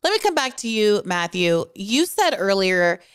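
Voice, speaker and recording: A woman hosting a political podcast, who asks brisk questions and interjects with short affirmations. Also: mid-range voice, very animated, smooth, no echo, clean studio sound. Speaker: podcast host.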